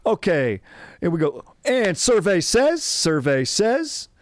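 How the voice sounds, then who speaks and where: A man putting on an impression of a famous game show host, high and loud with drawn-out exclamations. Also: big pitch swings, heavily acted. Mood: showy.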